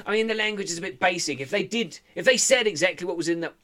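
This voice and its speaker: A man co-hosting a casual history podcast, animated and laughing often as he reads out facts. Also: high voice, fast talker, over a noisy crowd. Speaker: podcast co-host. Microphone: podcast mic.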